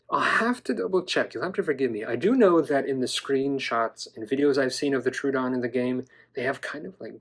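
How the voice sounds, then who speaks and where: A man talks through his dinosaur figures in a casual vlog. He is chatty and enthusiastic, and he stumbles playfully over his words now and then. His voice sits in a middle register, with a very lively, bouncing pitch. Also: gravelly, slightly rough. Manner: enthusiastic, chatty, playful, with some stammering restarts. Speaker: toy collector reviewer. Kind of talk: casual toy review vlog.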